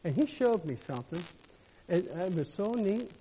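A male pastor preaching a sermon, swinging between loud, fervent declarations and soft, intimate storytelling. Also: sits high, big pitch swings, normal speed, slight background noise. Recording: echoey hall with long reverb.

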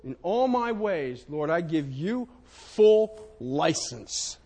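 Slow and a little mellow, a man's slightly high voice swings widely in pitch as he preaches. He hammers points home through repetition, including himself among those he exhorts.

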